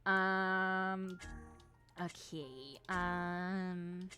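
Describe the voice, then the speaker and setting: A woman with a fairly low, sharp-toned voice streams a video game, chatting casually with viewers and swearing often while she plays. She speaks extremely slowly over soft background music.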